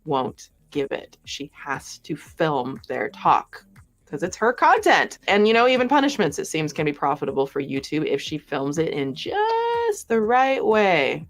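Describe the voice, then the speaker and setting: A woman hosts a casual commentary livestream in a sassy, sarcastic manner, full of swearing and snarky asides. Her speaking voice sits fairly low for a woman. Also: huge pitch swings, measured pace. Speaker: commentary vlogger.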